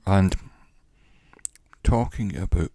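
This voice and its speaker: A man giving an educational talk in a measured, reflective way, pausing often between phrases. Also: deep voice, gravelly, dark tone, slight background noise. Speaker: teacher. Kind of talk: educational monologue.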